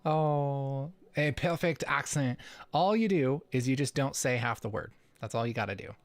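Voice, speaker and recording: A man's voice: medium pitch, big pitch swings, fairly quick, a little mellow, no echo. A man hosting a casual livestream Q&A, playful and chuckling often as he reads the chat. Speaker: livestream host.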